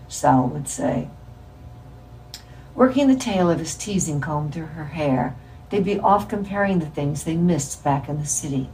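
A woman reading a novel aloud in a measured, expressive way. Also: low-pitched, distant mic, low-quality recording. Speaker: reader.

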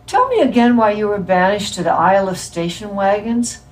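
A woman's voice: mid-range voice, sing-song, moderate pace, recorded from a distance, pitched above the performer's own voice, natural voice, rough recording. A woman voicing a charming male hairdresser who teases a customer about leaving the city. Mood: teasing.

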